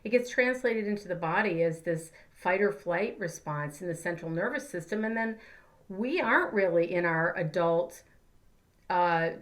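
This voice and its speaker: A woman, a life coach and therapist, giving a casual spiritual teaching talk in an earnest, conversational way. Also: fairly low pitch. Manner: earnest, conversational, acts out examples in her own voice.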